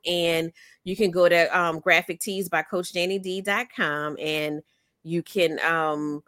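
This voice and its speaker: A woman coach hosting her own podcast, talking in a lively, motivational way with plenty of "um"s. Her voice sits on the low side for a woman. The sound is dry and close to the mic. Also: no echo. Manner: animated, motivational, many fillers. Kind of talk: casual interview chat.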